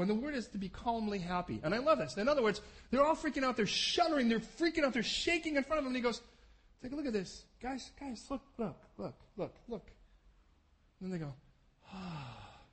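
A man preaching a sermon, animated, acting out scenes with voices. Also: very high-pitched, fast, hardly any pauses. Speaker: pastor.

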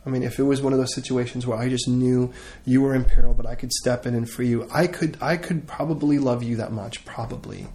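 A middle-aged man preaches in an earnest, conversational way, pausing often and restarting his phrases. He then leads a heartfelt closing prayer. His voice sits at an ordinary pitch for a man. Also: steady tone, mellow. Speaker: pastor.

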